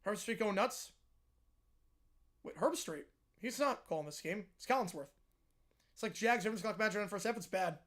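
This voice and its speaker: A young man streaming live play-by-play and reaction, yelling at the game on screen and chatting with viewers in between. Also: sits high, fairly quick, pauses often. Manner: excitable, yells at the screen, then chats with viewers.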